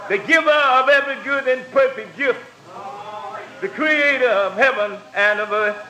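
High-voiced preacher. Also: male voice, normal speed. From Mississippi. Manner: rhythmic repetitive preaching that swells into shouts. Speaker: pastor. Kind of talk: sermon prayer. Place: church with congregation. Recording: roomy church with crowd noise.

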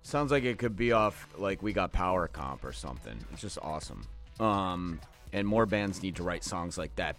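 A man's voice: sits low, sing-song, moderate pace. A man hosting a radio show, talking casually and loosely about the records he just played, drifting into jokey asides. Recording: faint music behind the voice.

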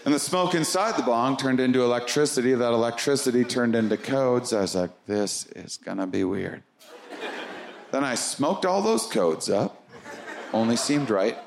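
A man doing stand-up, telling a story with lively swoops into squeaky sound effects. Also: normal speed, reverberant, noisy background. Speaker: stand-up comedian. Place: comedy club stage.

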